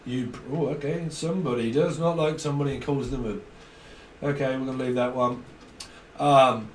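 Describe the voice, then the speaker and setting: A man's voice: mid-range voice, moderate pace, distant mic. A man giving a casual tarot reading, joking and riffing on wordplay and rhymes. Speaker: tarot reader. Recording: roomy with faint noise.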